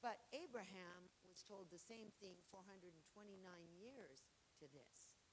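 A woman preaching a sermon with fervor, swinging from loud exhortation to soft acted asides. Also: lowish voice, measured pace, slight background noise, rough recording. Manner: fervent, shifting between shouted exhortation and soft acted asides.

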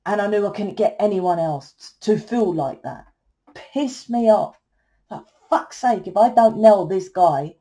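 A woman's voice: medium pitch, dark tone. A middle-aged woman, giving a blunt, salesy tarot reading and swearing freely. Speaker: tarot reader and spiritual coach. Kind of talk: casual tarot reading monologue.

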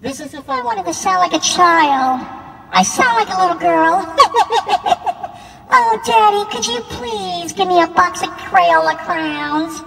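A man using a pitch-shifting effect to play a whiny, giggly little girl. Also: lively intonation, measured pace, vocal fry, fairly bright tone, recorded from a distance, full character voice. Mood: pleading. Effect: high pitch-shifting voice processor. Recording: long reverb.

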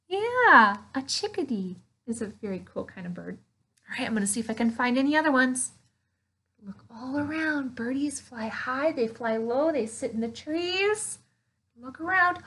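A woman teaching an online preschool Bible lesson, animated and playful, gasping in delight as she talks to small children. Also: high voice, normal speed, slightly rough.

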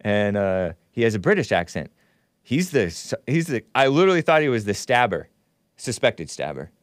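Big pitch swings mark this host's lowish voice as he rambles through a casual livestream at a moderate pace, laughing frequently, reading comments, taking calls and replying to chat. The studio sound is clean, with no echo.

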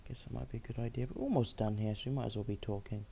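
Gravelly-voiced man rambling over gameplay. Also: mid-range voice, fairly even intonation, very fast, warm tone, muffled recording, a little hiss or hum. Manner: rambling, muttering to himself while building. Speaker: let's play host. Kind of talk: casual gameplay commentary.

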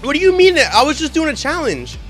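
A man's voice: extremely high pitch, fast talker, faint music behind. A young man playing a game for his channel while eating hot sauce, talking in casual slang and yelping and groaning from the spice. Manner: excitable, yelps and groans from the spice. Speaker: gaming YouTuber. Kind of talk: gaming vlog with hot sauce challenge.

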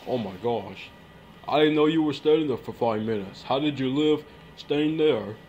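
A man's voice: medium pitch, normal speed, a little mellow, muffled recording, slight background noise, natural voice. A man voicing an exasperated, scolding father in a puppet parody skit. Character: exasperated grown father, easily flustered.

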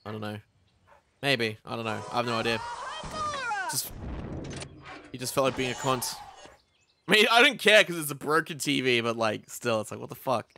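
A young man streams a game from home, chatting casually in an animated, creaky mid-range voice at normal speed with long pauses. He swears a lot, laughs often, and rambles through stories over background noise.

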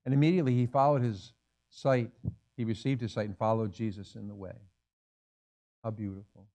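A man's voice: lowish voice, fairly even intonation, brisk, warm tone. A male pastor preaching a sermon in a conversational way, asking the congregation rhetorical questions. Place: church sanctuary.

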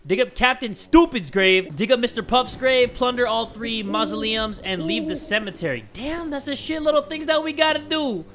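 A young man hosting video game commentary, excitable and joking, with loud outbursts. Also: sits high, slight background noise. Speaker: gaming channel host.

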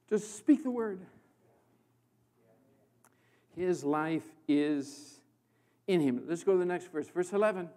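Impassioned high-voiced preacher from the Midwest. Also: male voice, expressive, measured pace. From American Midwest. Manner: impassioned, dramatic swings between loud proclamation and hushed emphasis. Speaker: guest preacher. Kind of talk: sermon. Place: church.

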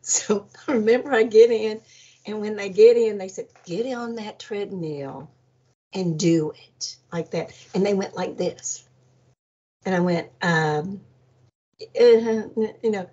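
Husky older woman telling a story. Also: medium pitch, normal speed. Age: 70s. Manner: animated storyteller, acts out voices, laughs often. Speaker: energy healer guest. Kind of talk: storytelling about a near-death experience. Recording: dull lo-fi audio.

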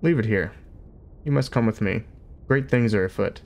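A man voicing a polite, wistful old alien man who speaks slowly and vaguely. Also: lowish voice, lightly acted. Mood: solemn. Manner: slow, polite, gently rambling.

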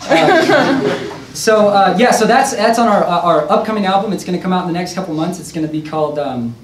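A man's voice: sits high, expressive, fairly quick. A young man, a spoken word poet, reading his poems to a live audience with laughing, rambling asides between pieces. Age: young adult. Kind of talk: poetry reading with casual banter. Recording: roomy, distant live recording with faint noise.

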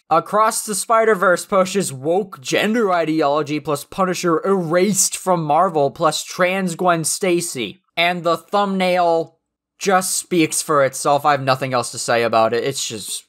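A man's voice: a little high, measured pace, fairly bright tone. Rambling young male commentator. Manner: rambling, self-deprecating, offhand. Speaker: video creator. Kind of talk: casual video commentary.

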